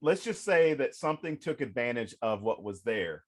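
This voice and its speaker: A storytelling man on a podcast, lively and expressive, often breaking into laughter as he acts out conversations. His pitch sits in an ordinary middle range. He swears freely and keeps the tone casual. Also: normal speed. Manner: animated, profane, acts out quoted dialogue; laughs often while telling stories. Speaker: podcast guest, author.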